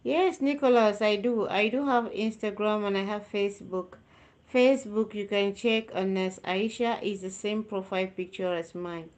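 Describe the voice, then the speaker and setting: Woman nurse hosting a live stream, chatty, reads out comments and replies, middle pitch. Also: steady tone, moderate pace. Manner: reads viewer comments aloud and answers them warmly; chatty, repeats words for emphasis. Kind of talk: casual live-stream chat.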